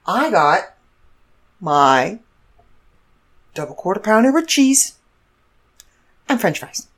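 A woman podcast host telling a funny personal story in a casual monologue, animated and often laughing. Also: medium pitch, slow, long pauses.

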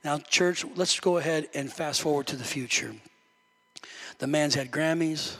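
A man preaching a sermon as pastor, telling a story and building to loud preaching. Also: on the high side, measured pace. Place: church sanctuary. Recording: long hall reverb.

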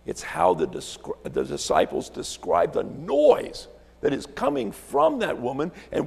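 A man's voice: on the high side, huge pitch swings, a little slow, vocal fry, a little mellow, husky, in a large hall. A man preaching a sermon as a visiting pastor from Alaska, telling stories, repeating words and asking rhetorical questions in a church sanctuary.

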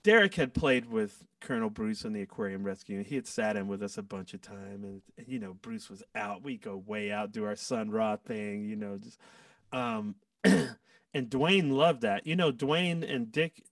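A man, a guest musician, telling stories in a casual, animated way and acting out quoted lines. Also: mid-range voice, no room sound, recorded from a distance. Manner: animated, acts out quotes with laughs. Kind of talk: casual storytelling.

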